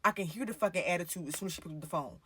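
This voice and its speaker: A woman's voice: fairly low pitch, very fast, pushed and bright, slightly rough. A woman telling a personal story in a casual storytime vlog. She swears freely and acts out her own past dialogue as she goes. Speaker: storytime vlogger.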